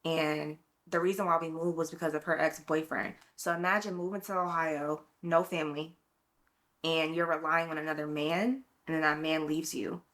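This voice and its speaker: A young woman with a fairly low voice shares a personal story on a casual podcast. She talks reflectively and from the heart, with many likes and ums. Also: steady tone, moderate pace, fairly bright tone. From Brooklyn, New York. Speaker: podcast co-host. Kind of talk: casual chat.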